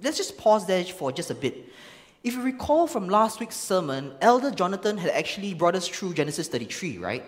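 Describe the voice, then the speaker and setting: Preacher, sermon, lively pitch swings, long hall echo. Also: brisk. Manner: expressive Bible reading and explaining. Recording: long reverb of a large hall.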